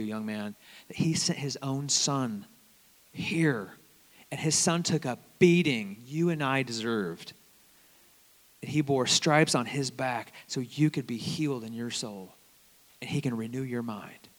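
A man preaching a sermon, telling stories animatedly and swinging between loud bursts and hushed asides. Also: medium pitch, measured pace, in a large hall.

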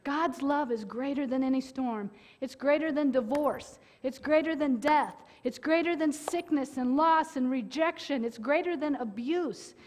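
A woman with a high voice preaching a sermon. She talks earnestly and holds dramatic pauses, then breaks into sudden loud bursts.

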